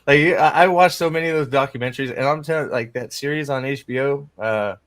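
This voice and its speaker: A middle-aged man from California chatting casually as a streamer and podcast host, excitable and profane, rambling with many restarts. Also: mid-range voice, fast. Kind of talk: casual chat.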